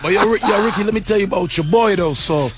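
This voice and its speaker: A man's voice: high voice, fast talker, faint music behind. A man who works as a club DJ telling an aggrieved story on a radio show.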